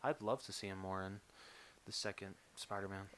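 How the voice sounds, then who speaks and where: A young man co-hosting a podcast, chatting casually with quick joking reactions. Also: deep voice, steady tone, a bit bright, slight background noise. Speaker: podcast co-host. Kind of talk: casual chat.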